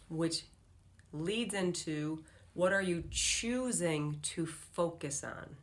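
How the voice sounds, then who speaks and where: A woman's voice: lowish voice, animated, slow. A woman hosting a motivational video blog, speaking straight to camera in an upbeat, earnest way and coaching her viewers. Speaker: motivational speaker and vlog host. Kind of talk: direct-to-camera motivational vlog.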